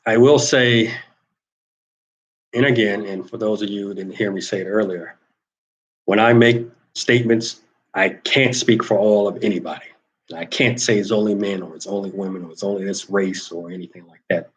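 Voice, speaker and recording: A man's voice: lowish voice, fairly even intonation, normal speed, low-quality recording. A man hosting a solo talk monologue, wry and rambling, repeating words as he thinks, turning emphatic when he argues a point. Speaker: host.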